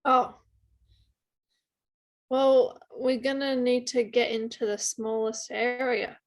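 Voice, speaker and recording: Slow, high-voiced hesitant woman player. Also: fairly even intonation. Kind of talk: casual tabletop play.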